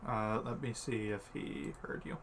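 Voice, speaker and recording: A laid-back man running a tabletop game, narrating scenes with plenty of ums and easy laughter. His voice sits fairly low and moves slowly. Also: steady tone, gravelly, a bit bright, slight background noise. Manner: laid-back, many fillers, laughs easily. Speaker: game master.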